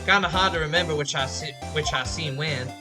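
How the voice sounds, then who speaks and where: A woman's voice: deep voice, fairly quick, music in the background, pitched below the performer's own voice, close to an everyday voice. A woman voicing a brash young Southern woman photographer with a folksy drawl. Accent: American Southern drawl, put on. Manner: loud, brassy, folksy drawl.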